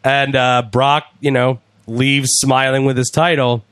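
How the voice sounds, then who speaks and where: A man chatting casually, retelling events with lively acted-out quotes as a podcast host. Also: mid-range voice, measured pace, clear, resonant tone, no echo, studio quality. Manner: animated storyteller, acts out quotes. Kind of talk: casual chat recapping wrestling.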